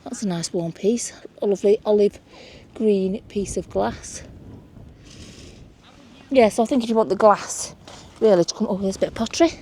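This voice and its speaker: A woman's voice: medium pitch, normal speed, long pauses, warm tone, slight background noise. Woman host, outdoor beach vlog, chatty and exclamatory. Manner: chatty, exclaiming over finds. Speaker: mudlarking vlogger. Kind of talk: casual chat while searching a beach.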